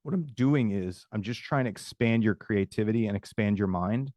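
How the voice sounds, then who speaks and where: Male sales coach, low voice, energetic and improvising, dry video-call sound. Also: moderate pace, no room sound. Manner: energetic, improvises sample messages aloud, addresses attendees by name. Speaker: webinar host and sales coach. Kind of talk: live webinar teaching.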